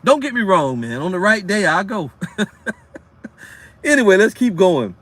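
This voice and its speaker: A man's voice: sits high, sing-song, normal speed, fairly bright tone, no room sound. A man teaching scripture informally, reading verses and lecturing bluntly with rhetorical questions and street slang. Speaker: street preacher.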